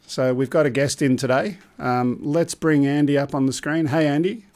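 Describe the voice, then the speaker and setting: A man's voice: on the high side, fairly even intonation, normal speed, darkish tone, a little hiss or hum. Man, live-stream host, casual, joking, rambling. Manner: loose, joking, thinks aloud while working controls.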